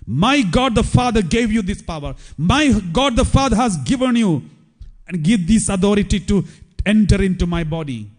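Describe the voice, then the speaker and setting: A priest preaching a sermon, with emphatic repetition. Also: male voice, sits high, animated, moderate pace.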